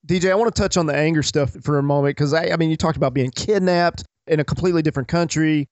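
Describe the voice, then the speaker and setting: A man's voice: a little high, quick pace, a little mellow, no echo. A man hosting a podcast interview, asking eager, thought-out follow-up questions. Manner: eager, thinks aloud with small restarts. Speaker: podcast host. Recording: dry, dull lo-fi audio.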